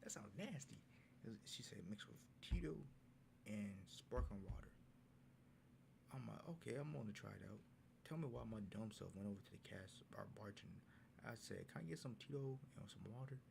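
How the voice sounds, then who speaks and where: A young man tells a relaxed, slangy story in a low, gravelly voice. He keeps it loose and chatty and acts out the lines of the people in it. A steady noisy hiss sits under the recording. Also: brisk. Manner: laid-back slangy storytelling, acts out quotes. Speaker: vlogger. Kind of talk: casual storytelling recap.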